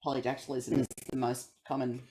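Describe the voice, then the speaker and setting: A woman's voice: rumbling low, level tone, fairly quick, crowd noise, poor audio. A woman joining casual comedy banter on a chat show, playful and chiming in with trivia.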